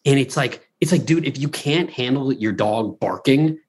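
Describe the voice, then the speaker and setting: Podcast co-host, male, slightly rough voice, chatty, restless, swears freely. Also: medium pitch, normal speed. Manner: rambling, animated, lots of restarts and profanity. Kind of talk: casual podcast banter.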